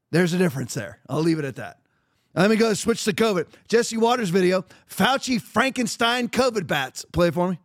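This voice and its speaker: High-voiced blunt man hosting a podcast. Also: big pitch swings, a little fast. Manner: blunt, emphatic and mocking. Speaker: podcast host. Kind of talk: opinionated podcast commentary.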